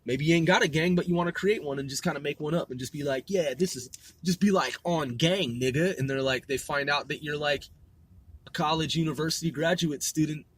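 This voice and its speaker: A man's voice: a little high, fairly even intonation, quick pace, fairly bright tone, dry recording. Rambling, profane man hosting a podcast. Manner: loose, profane, full of fillers and repeats. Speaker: podcast host. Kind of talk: rambling solo podcast monologue.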